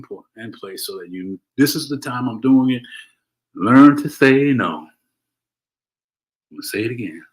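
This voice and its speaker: A man's voice: mid-range voice, rough recording. A middle-aged man hosting a motivational livestream, talking earnestly and tagging "right?" onto his points. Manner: earnest, preachy, repeats "right?" and restarts. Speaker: host. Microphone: solo livestream from home.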